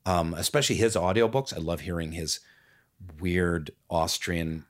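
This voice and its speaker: Man, slightly low pitch, casual podcast chat, reflective, gently playful, soft asides. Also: animated, fast talker. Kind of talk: casual conversation.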